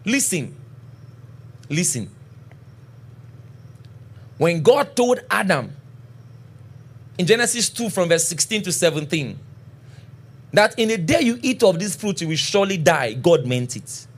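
A pastor delivers a sermon with a high, lively voice that leaps up and down in pitch. He keeps asking the congregation if they are with him, and slows right down to read scripture out word by word. He sounds middle-aged. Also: husky. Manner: preaching with frequent call-and-response checks; reads scripture slowly and deliberately.

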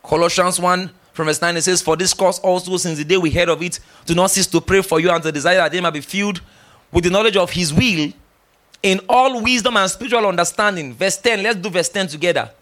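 Male preacher, middle-aged, high-pitched, emphatic, teasing sermon delivery. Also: brisk. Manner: animated, emphatic, teasing, with laughs and acted-out dialogue.

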